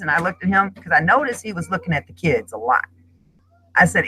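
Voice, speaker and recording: A woman's voice: lowish voice, big pitch swings, fairly quick, sharp tone, slight background noise, poor audio. A middle-aged woman speaking as a guest in an emotional panel discussion, talking in an impassioned, emphatic way.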